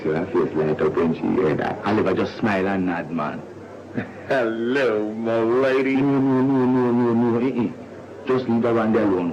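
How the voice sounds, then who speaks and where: A scheming Jamaican church treasurer who greets everyone with oily charm. He is a bit low-pitched and slips chuckling asides to the camera. The old sitcom recording carries a clear hiss of noise. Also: highs cut off. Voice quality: chummy, wheedling, chuckling asides. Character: scheming sweet-talking male church treasurer. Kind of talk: sitcom acting.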